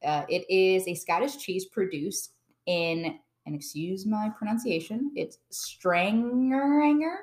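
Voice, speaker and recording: A woman's voice: fairly low pitch, unhurried. A woman co-hosting a podcast in casual chat, playful and jokey, wandering off on tangents. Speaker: podcast co-host.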